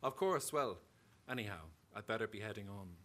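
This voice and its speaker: Irish man as a shy polite bank clerk, hesitant, bright forceful tone. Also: lowish voice, expressive, normal speed. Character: diffident, mild-mannered male bank clerk.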